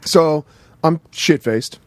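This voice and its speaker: A man's voice: a little high, slow, dry recording. A man telling a long rambling story in casual podcast chat, swearing and laughing as he goes. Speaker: guest storyteller.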